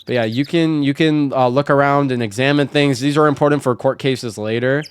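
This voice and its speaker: A man's voice: medium pitch, brisk, smooth. A man streaming a story game, chatting casually, correcting himself and cursing offhandedly. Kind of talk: casual game let's play commentary.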